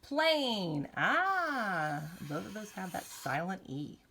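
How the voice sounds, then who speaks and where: Slow-talking woman teacher drilling vowel sounds. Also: mid-range voice, sing-song, bright, forceful tone, slight background noise. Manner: slow, sing-song phonics drilling with drawn-out vowel sounds; encouraging, talks directly to children. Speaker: kindergarten teacher. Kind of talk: recorded morning meeting lesson for young children.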